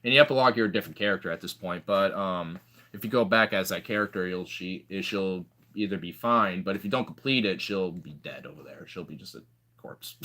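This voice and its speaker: Rambling young man, bright voice. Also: deep voice, a little fast. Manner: rambling, filler-heavy storytelling. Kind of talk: casual chat.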